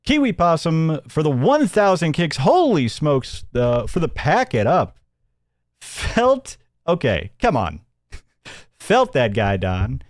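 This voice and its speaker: A man's voice: on the high side, wildly swooping pitch, slow pace, no echo, clean studio sound. A man hosting a livestream, rambling and mocking as he comments and thanks viewers, often chuckling. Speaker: host.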